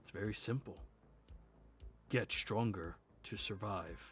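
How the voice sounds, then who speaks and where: A man plays a sly male trainer in a tabletop game who talks low and sneering, almost in a whisper. His pitch sits in the middle, and his mockery is cold and scheming. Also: unhurried, faint music behind, natural voice. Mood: hushed scolding.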